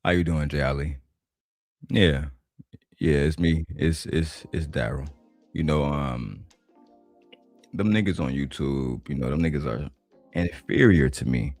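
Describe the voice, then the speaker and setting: Man doing a deep, smooth-talking seducer voice. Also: a little mellow, no room sound, faint music behind, exaggerated voice. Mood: crooning. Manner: slow, low, crooning.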